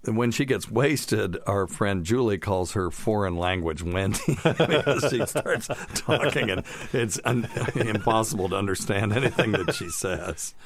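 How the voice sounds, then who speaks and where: Low-voiced chatty doctor host. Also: male voice, lively intonation, unhurried, hardly any pauses. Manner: chatty, jokey, wanders off topic. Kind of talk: casual chat.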